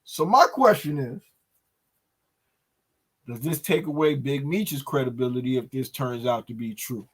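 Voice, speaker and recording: A man's voice: medium pitch, a little slow, pauses often, a bit bright, breathy edge. A man hosting a casual hip-hop news chat, talking loosely with many restarts and fillers. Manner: loose, talkative, hesitant with restarts. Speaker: show host.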